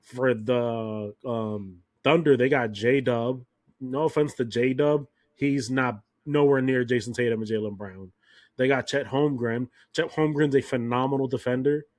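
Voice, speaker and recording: A young man co-hosting a podcast, telling stories in casual sports chat, animated and freely swearing. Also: mid-range voice, measured pace, no echo. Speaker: podcast co-host.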